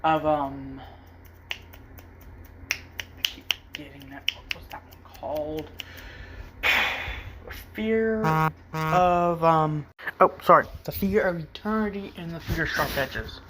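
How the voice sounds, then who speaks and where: A man's voice: a little high, takes it slowly, long pauses, very noisy. A man hosting a casual drawing vlog, rambling and hesitant with lots of fillers. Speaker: art channel host.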